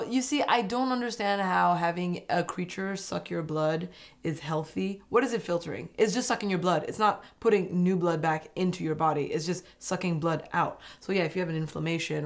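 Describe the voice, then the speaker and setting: A woman giving a chatty recap commentary, laughing often and acting out quotes. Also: lowish voice. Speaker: recap vlogger.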